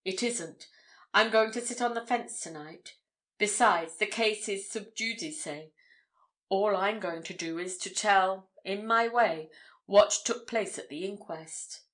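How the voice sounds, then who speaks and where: A woman's voice: medium pitch, unhurried, a bit bright, close to an everyday voice. A woman reading the part of a blunt, eager young male journalist, hearty and emphatic in his protests.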